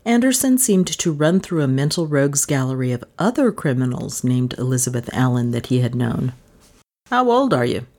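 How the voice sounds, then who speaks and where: A woman narrating an audiobook in a low voice with lively, rolling intonation. Her storytelling is expressive and steady. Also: a little fast, hardly any pauses. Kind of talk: scripted narration.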